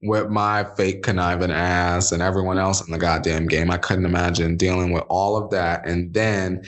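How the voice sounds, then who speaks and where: A man chatting casually as a podcast guest, animated and sassy, jumping up into high exclamations. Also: moderate pace. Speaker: podcast guest, former reality show contestant.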